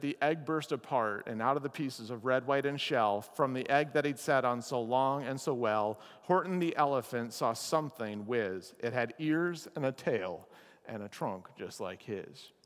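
Male pastor, high voice, animated playful sermon, long echo of a chapel. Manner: animated, playful storytelling with asides.

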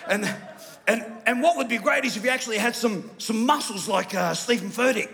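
A man's voice: very high voice, a little fast, gravelly, fairly bright tone. A man, a pastor, preaching a sermon in a church with humorous, self-mocking storytelling. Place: church auditorium. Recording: long hall reverb.

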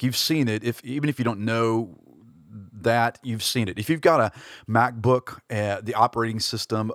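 A man's voice: on the low side, a bit bright, dry recording, studio quality. A man hosting a faith and culture podcast, talking in a casual, reflective way with frequent fillers and restarts. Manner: hesitant, many fillers and restarts. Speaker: podcast host.

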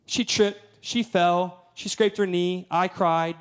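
Male guest preacher, thirties, slightly high voice; storytelling sermon that swells to loud peaks. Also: steady tone, slow pace, clean tone. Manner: storytelling, rising to emphatic peaks.

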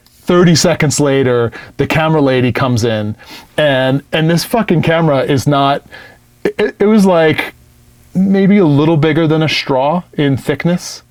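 A man's voice: fairly high pitch, a little slow, no room sound. Man, casual storyteller, cursing, blunt, dry close sound. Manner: profane, animated, blunt.

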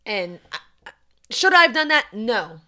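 Profane, animated young woman telling a story. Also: a little high, measured pace. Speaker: podcast co-host. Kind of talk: casual chat, telling a story.

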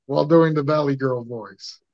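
A man's voice: medium pitch, moderate pace, dry recording. A man telling laid-back, profane stories in a casual podcast chat. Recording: dull lo-fi mic.

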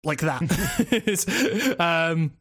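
A Scottish man talks on a podcast in a loose, rambling way. His voice sits a little high for a man. He piles up fillers, restarts and casual swearing as he thinks aloud. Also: extremely slow, fairly bright tone. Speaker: podcast co-host and video essayist.

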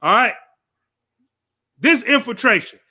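A man hosting a podcast, giving heated, profane political commentary and shouting angrily. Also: extremely high pitch, lively intonation, takes it slowly. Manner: angry, shouting, profane ranting. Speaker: podcast host.

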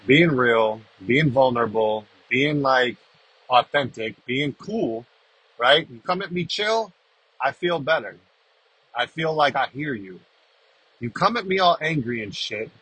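Man, rough husky voice, bright tone, blunt casual podcast talk, swears, keeps asking "right?". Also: medium pitch, no echo, poor audio. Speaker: podcast host. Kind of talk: freestyle recovery podcast monologue.

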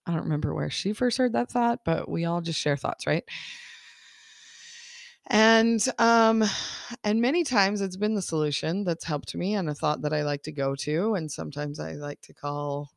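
A woman's voice: fairly low pitch, normal speed, creaky, no echo, studio quality. A woman life coach hosting her podcast in a casual, upbeat monologue, laughing often as she acts out people's thoughts.

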